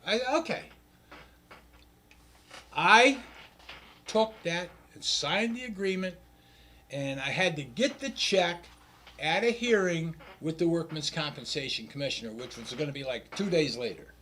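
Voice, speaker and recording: Older guy on a talk show telling a long story, slightly high voice, swings all over, stumbles and restarts, swears now and then. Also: unhurried, slight background noise. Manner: animated storyteller acting out quoted dialogue, frequent restarts; swears casually. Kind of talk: casual storytelling.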